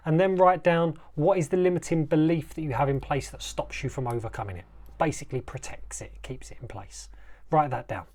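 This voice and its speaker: A man's voice: fairly high pitch, a little mellow. Emphatic man hosting a motivational podcast. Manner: emphatic, repetitive, slows for dramatic effect. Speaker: life coach, podcast host.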